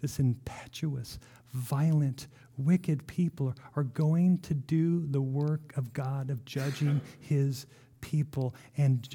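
A man preaching a sermon, reading scripture aloud and firing rhetorical questions at the congregation in an animated way. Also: mid-range voice. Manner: reads scripture aloud with emphatic slowing. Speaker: pastor.

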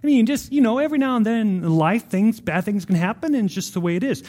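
Male pastor, high voice, lively sermon storyteller who acts out the scenes. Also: fast. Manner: animated storytelling, vivid retelling of scripture.

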